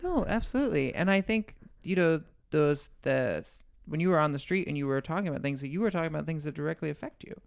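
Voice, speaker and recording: A man appearing as a podcast guest in casual conversation, articulate and quick to joke. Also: on the high side, lively intonation, vocal fry, clear, resonant tone.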